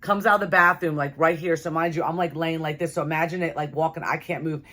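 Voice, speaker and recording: A woman's voice: low voice, steady tone, fast, fairly bright tone. A young adult woman telling a personal story to her viewers in a casual, chatty way, full of "like" and "you know". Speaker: vlogger.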